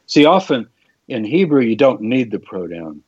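A man's voice: medium pitch, very animated, moderate pace, breathy edge, no room sound, lo-fi sound. A man explaining a Bible passage and its Hebrew wording in a conversational, lecturing way. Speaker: Bible teacher. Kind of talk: conversational scripture discussion.

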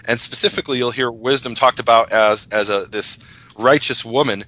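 A man talks through scripture in a relaxed, thoughtful way, quoting verses to back up his points. His voice is bright and clear, sitting at a middle pitch. He sounds like a guest on a casual religious podcast. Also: normal speed, low-quality recording. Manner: thoughtful, explains with scripture quotes. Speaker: guest Bible scholar.

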